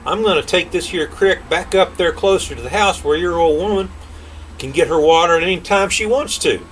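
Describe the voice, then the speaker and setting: A man's voice: high-pitched, fairly quick, a bit bright, distant mic, a little hiss or hum, voice pushed up, rough recording. An older grandfather reading aloud, voicing a cocky, sly young man in a folksy drawl. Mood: boastful. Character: clever young male trickster, cocky and sly.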